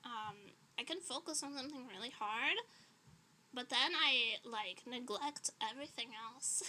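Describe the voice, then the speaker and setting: A woman's voice: sits high, unhurried, bright, forceful tone, slight background noise. A woman streamer in casual livestream chat, rambling and chatty with frequent laughs, slightly out of breath.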